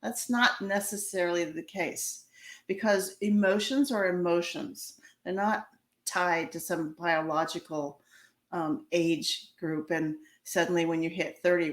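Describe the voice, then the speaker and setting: A woman therapist giving a casual spoken lesson on handling conflict in couples, pausing often and restarting her words as she coaches. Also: fairly low pitch. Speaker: couples therapist teaching a course. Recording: echoey room.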